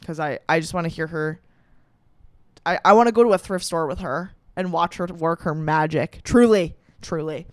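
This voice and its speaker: A woman's voice: deep voice, moderate pace, no room sound. Gushing, profane young woman from Western New York. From Rochester, New York. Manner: animated, profane, gushing, heavy use of "like". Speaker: comedian podcast host. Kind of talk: casual monologue.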